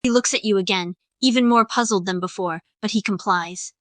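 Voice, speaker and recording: A woman reading a fan story aloud in a steady manner. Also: mid-range voice, fairly quick, dry recording. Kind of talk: storytelling narration.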